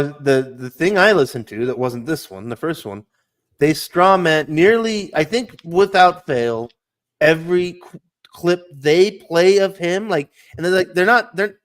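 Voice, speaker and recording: A man co-hosting a casual podcast, halting and scornful, often laughing. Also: a little high, animated, a bit bright. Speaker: podcast co-host.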